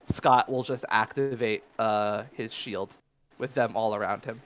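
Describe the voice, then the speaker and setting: A man's voice: fairly low pitch, fairly even intonation, unhurried, fairly bright tone. A man narrating as game master of a tabletop game, talking loosely with many fillers.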